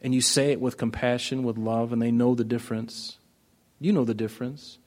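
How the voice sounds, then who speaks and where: A man's voice: medium pitch, steady tone, a little fast, darkish tone. A man preaching a sermon in a conversational way, asking his listeners questions. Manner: conversational, asks the congregation questions. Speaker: pastor.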